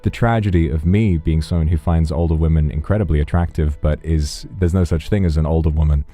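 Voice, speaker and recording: A man's voice: rumbling low, a little fast, dark tone, soft background music. A man chatting casually on a livestream, rambling and wry, often breaking off mid-sentence. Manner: rambling, self-interrupting, wry. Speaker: streamer.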